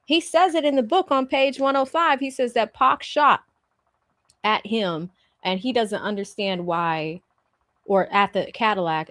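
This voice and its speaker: A woman's voice: fairly low pitch, fairly bright tone, dry recording. A woman hosting a livestream, giving blunt, exasperated and profane commentary. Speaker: livestream host. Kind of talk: live commentary.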